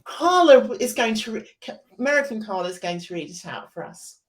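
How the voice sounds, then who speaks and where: A woman's voice: on the high side, very animated, poor audio. A British woman co-hosting a podcast, talking casually and often restarting her sentences. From United Kingdom. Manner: halting, many restarts and repetitions. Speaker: podcast co-host. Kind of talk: casual chat.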